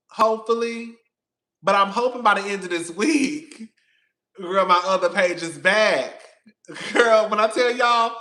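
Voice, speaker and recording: This reality TV commentary host runs a casual live stream, addressing his viewers directly with sass, profanity and long-winded talk. His voice sits high, bright and forceful.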